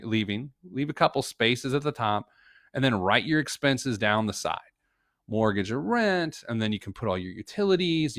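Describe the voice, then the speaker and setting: Man, financial planner, casual live-stream tutorial, jokey asides, mid-pitched voice, dry close sound. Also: no room sound. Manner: chatty and joking, with frequent asides and restarts. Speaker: financial planner teaching a live budgeting session.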